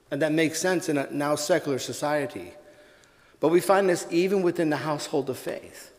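A man's voice: a little high, big-room sound. A man, a pastor, giving a sermon, telling a joke before moving into earnest preaching.

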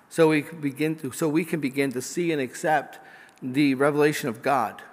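A man's voice: a little high, a bit bright, big-room sound. A male priest giving a homily, moving between light storytelling with jokes and fervent, emphatic preaching. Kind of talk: sermon.

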